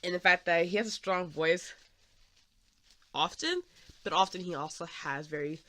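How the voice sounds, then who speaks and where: Bright-voiced woman chatting casually. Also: on the low side, moderate pace. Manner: chatty, meandering, full of "um" and "like". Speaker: podcast host. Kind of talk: casual rambling chat while drawing.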